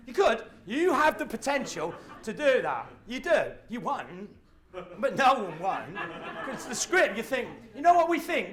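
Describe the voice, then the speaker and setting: A middle-aged man, giving a live motivational talk and telling stories with acted-out voices and shouts. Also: very high voice, very animated, measured pace. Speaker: motivational speaker.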